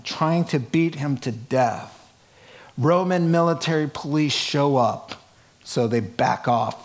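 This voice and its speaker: A man preaching a sermon, telling a scripture story in an animated way with chuckling asides and acted-out quotes. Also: medium pitch. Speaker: pastor.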